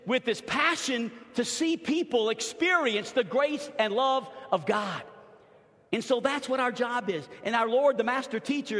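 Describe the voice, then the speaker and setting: A pastor from New Orleans preaching a sermon in a church, emphatic, swinging from loud to hushed. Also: male voice, very high-pitched. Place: church sanctuary. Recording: long hall reverb.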